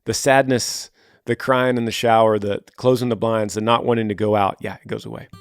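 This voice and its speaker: A man's voice: lowish voice, steady tone, normal speed, clean tone, dry recording, studio quality, soft background music. A man hosting a podcast, giving earnest, encouraging advice in a casual way and often repeating his points.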